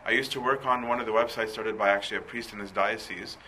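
A man's voice: on the low side, fairly even intonation, quick pace, sharp tone, slight background noise, low-quality recording. A man giving a conversational sermon, full of rhetorical questions and asides. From Coptic Christian community. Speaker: preacher.

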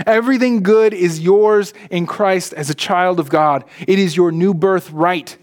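A man with a high, light speaking voice preaches a sermon from the pulpit. He is earnest, often slowing right down and sinking low and quiet to press a point home. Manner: earnest preaching, slows and drops low for emphasis. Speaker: pastor.

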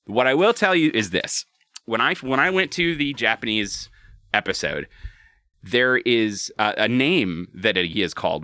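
A man hosting a casual podcast chat, animated and quick to laugh. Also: medium pitch, dry recording. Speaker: podcast host.

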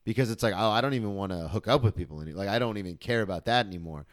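A man's voice: lowish voice, rapid-fire, no echo, clean studio sound. Laid-back young male podcast host. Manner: relaxed, chatty, asks follow-up questions. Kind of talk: casual podcast chat.

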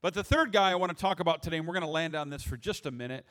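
A man's voice: a little high, racing, a bit bright. Man preaching a casual, joking sermon. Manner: conversational, humorous, stammering restarts. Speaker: pastor.

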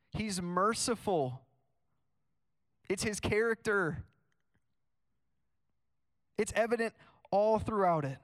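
A man's voice: high-pitched, a bit bright. A young man preaching a sermon in a casual, storytelling way, full of "like" fillers. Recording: long hall reverb.

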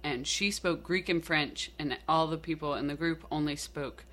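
A woman's voice: deep voice, moderate pace, a bit bright. An American woman hosting a casual chat, asking curious questions. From United States.

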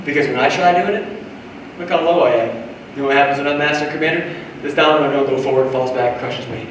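A man preaching a sermon to a congregation, animated, swinging between shouted lines and hushed asides. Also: a little high, fast talker, noisy background. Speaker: pastor. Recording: echoey hall, voice from far off.

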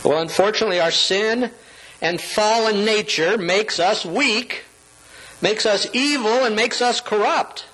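A man preaching a sermon, quoting scripture dramatically and leaping up in pitch when he quotes. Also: unhurried, pushed and bright, slightly rough, rough recording. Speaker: pastor.

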